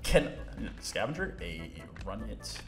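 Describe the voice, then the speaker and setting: A man casually commentating his own gameplay, excitable, laughing often and swearing, with game audio playing behind him. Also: fairly low pitch, takes it slowly. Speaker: gaming YouTuber. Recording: game music and gunfire behind.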